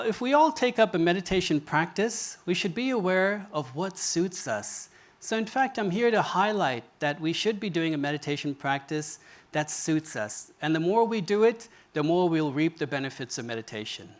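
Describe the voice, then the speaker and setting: Earnest man giving a stage talk. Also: on the high side. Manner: earnest storytelling with quoted dialogue. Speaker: speaker. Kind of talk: public talk. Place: stage before an audience.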